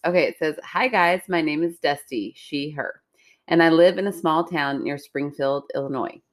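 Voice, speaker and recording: A woman's voice: sits low, normal speed. A woman co-hosting a casual podcast, reacting with teasing remarks and reading out listener emails. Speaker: podcast co-host.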